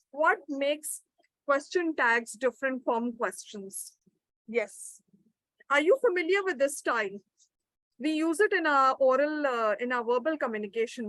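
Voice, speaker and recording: A woman leads a live webinar lesson with a high voice and an unhurried pace. She reads out participants' answers and cheers them on. The sound is dry and close, over a video call. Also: a bit bright, no room sound, rough recording. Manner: encouraging, reads out participants' replies. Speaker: webinar trainer. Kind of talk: interactive online teaching.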